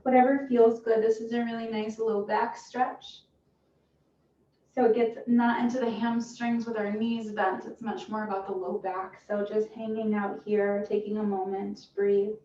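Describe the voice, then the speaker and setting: A woman fitness instructor calmly cueing a stretching class with encouraging guidance. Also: fairly high pitch, measured pace. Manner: calm, encouraging cueing with soft breathy asides. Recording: roomy, distant, dull sound with faint hiss.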